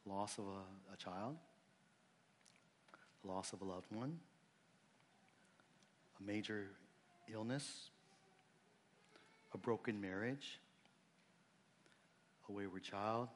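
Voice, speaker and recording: A man preaching a sermon, earnest and conversational, dropping low and soft on emotional points and rising when he stresses a point. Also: slow, pauses often, slight background noise. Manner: conversational asides and restarts. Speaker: pastor.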